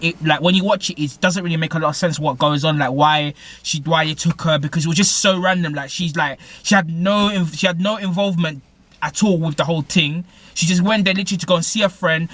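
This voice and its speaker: A man's voice: on the high side, fairly bright tone. A man rambling through a film's plot in heavy slang, full of fillers. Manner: rambling, heavy slang, repeats "basically" and "innit". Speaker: movie reviewer. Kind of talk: casual film plot recap.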